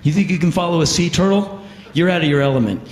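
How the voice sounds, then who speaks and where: A man's voice: a little high, quick pace, lightly acted. A man voicing a weary, territorial old male sea turtle who scornfully taunts a swimmer and swears. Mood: scornful taunting. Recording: echoey hall with faint room noise.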